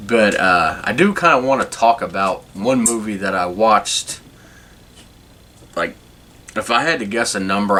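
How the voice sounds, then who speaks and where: Low-voiced man in casual rambling chat. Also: pushed and bright, a little hiss or hum. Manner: rambling, chuckling, self-correcting. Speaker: podcast host.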